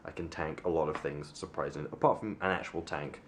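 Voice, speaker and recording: A young Englishman talks to his camera in a hotel room, rambling and poking fun at himself, his voice sitting very low. Faint background noise runs under his casual, filler-heavy chat. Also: fairly even intonation, quick pace. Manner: rambling, self-mocking, many fillers and restarts. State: sunburnt. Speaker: vlogger.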